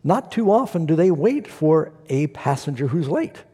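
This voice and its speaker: A man preaching a sermon to a congregation, telling a story with animated asides. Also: a little high, normal speed, breathy edge. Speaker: pastor. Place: church hall before a congregation. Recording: long hall reverb.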